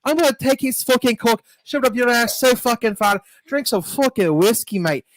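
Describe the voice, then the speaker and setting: A man's voice: extremely high pitch, expressive, very slow, sharp tone, no echo, voice pushed up, heavily acted. A man putting on a foul-mouthed, swaggering British bloke in a comedy chat.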